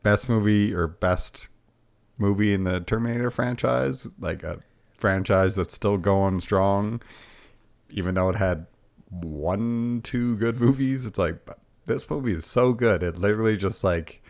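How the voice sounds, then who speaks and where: Very deep-voiced offhand male co-host. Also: a little slow, vocal fry. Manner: offhand, hesitant, trailing sentences. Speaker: podcast co-host. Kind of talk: casual chat.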